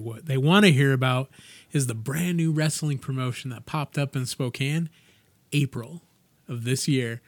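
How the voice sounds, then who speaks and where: A middle-aged podcast co-host tells stories with profane excitement in a mid-range voice. His pace runs ahead when he gets worked up. The recording is dry and close to the mic. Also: medium pitch, moderate pace, no echo. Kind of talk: casual chat.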